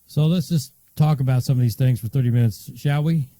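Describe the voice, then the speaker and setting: A man's voice: medium pitch, brisk, dark tone. A man hosting his own podcast, casually rambling and venting, his voice clogged and cracked from being sick. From American Midwest. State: congested, recovering from illness. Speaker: podcast host. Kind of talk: casual solo podcast chat.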